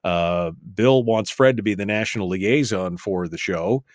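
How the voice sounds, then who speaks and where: A man's voice: on the low side, a little slow, dry recording, studio quality. A man hosting a talk show, chatting casually, laughing often and reading out chat messages with exasperated asides.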